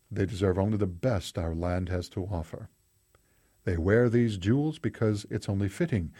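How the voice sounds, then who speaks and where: A man voicing a polite male palace guard with a crisp British accent in a storybook reading. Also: on the low side, warm tone. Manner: crisp, proper.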